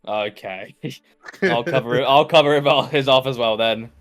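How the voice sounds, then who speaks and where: A man's voice: mid-range voice, normal speed, a bit bright. A man playing in a tabletop game, casual and jokey. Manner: jokey, laughs often. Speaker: player.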